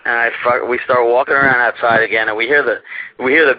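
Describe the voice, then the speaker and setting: A man's voice: mid-range voice, steady tone, quick pace, dry recording. A young man telling a rambling, profane story about a trip as a guest on a talk show, laughing at his own tale. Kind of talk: casual storytelling. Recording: muffled dry internet radio.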